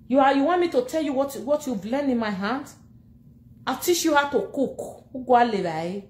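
A woman speaking in a Nigerian Pidgin English accent, ranting casually to camera in an animated, laughing and scolding way. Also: high voice, reverberant. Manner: animated, laughing, scolding and mocking, switching languages. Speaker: social media personality.

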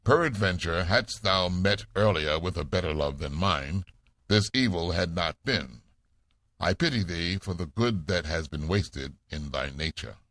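A man's voice: low voice, lively intonation, unhurried, fairly bright tone, no room sound. A man voicing a bitter, gloomy old male physician in a storybook reading. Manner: gloomy, grave.

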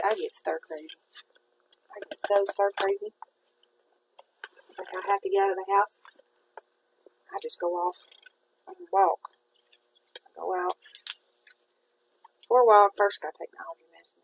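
A woman's voice: mid-range voice, lively intonation, normal speed, gravelly, pauses often, a little hiss or hum, poor audio. A woman, chatting casually and rambling in a folksy way while she works on a craft project. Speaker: craft vlogger.

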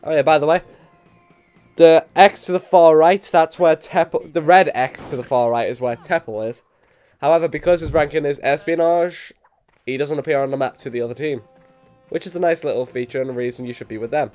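A man with a Liverpool accent and a slight cold, giving excitable let's play commentary and yelping at his own mistakes. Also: brisk, clean tone, faint music behind. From England. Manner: excitable, sudden high yelps at mistakes, self-mocking. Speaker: gamer.

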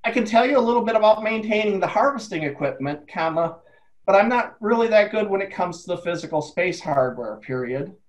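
A man voicing a young male plant scientist who is unsure and defensive, pausing and speaking his punctuation aloud. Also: high voice, lively intonation, low-quality recording. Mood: hesitant. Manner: hesitant, dictates punctuation aloud.

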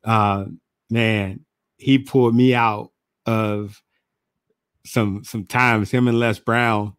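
A man talking casually to camera as a motivational speaker and host. He is relaxed, repeats phrases for emphasis and laughs at himself. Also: on the low side, slow, clear, resonant tone, no echo, clean studio sound. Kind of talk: casual reflective monologue to camera.

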